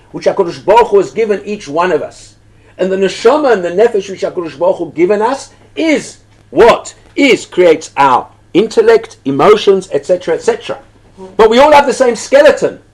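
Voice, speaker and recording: A man, a rabbi, teaching a text study lesson. He reads passages aloud, translates them, and asks questions that he answers himself. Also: high-pitched.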